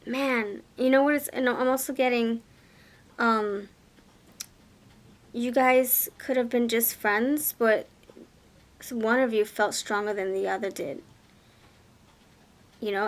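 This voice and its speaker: A woman doing a tarot reading straight to her viewers. Her voice sits a little high for a woman, and she talks in a gushing, exclamatory way, repeating words as she works through the cards. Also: a bit bright. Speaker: tarot reader. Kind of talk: pick-a-card tarot reading to camera.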